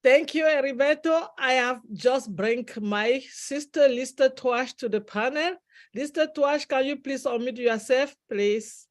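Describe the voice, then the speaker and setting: A woman's voice: high voice, a little slow. A woman co-hosting an online webinar, calling speakers up with polite, formal phrasing. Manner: polite, formal greetings, slightly nonstandard grammar. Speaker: webinar co-host. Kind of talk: moderating an online panel.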